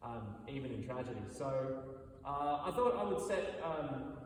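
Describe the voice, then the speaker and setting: A man's voice: medium pitch, animated, unhurried, a little hiss or hum. A man from Australia casually introducing a piece he plays, chatty and rambling, often correcting himself. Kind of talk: casual spoken introduction on stage. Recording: very echoey hall from far off, faint ambience.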